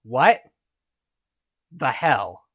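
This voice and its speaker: A man's voice: medium pitch, very animated, extremely slow, full character voice. A man reads out a brash young ninja hero who swears freely. The sound is muffled and lo-fi, with no room echo at all. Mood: exasperated.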